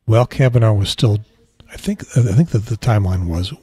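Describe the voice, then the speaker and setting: Husky low-voiced man, quiet rambling talk. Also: brisk. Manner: rambling, self-correcting, quiet. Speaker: podcast host. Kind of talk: casual solo podcast talk. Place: outdoors on a beach trip.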